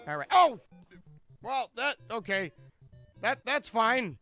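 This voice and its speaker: High, bright-voiced joking streamer. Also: male voice, takes it slowly, long pauses, clear, resonant tone, dry recording, soft background music. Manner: rambling, jokey, stammering restarts. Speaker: speedrunner commentating his own run. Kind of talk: live stream commentary.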